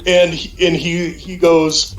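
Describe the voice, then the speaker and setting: A man in his fifties from Minnesota, telling an animated, profane story on a voice call and acting out the quotes. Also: a little high, slow, roomy sound, slight background noise. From Minnesota, USA. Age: 50s. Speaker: guest, a friend's dad on a call.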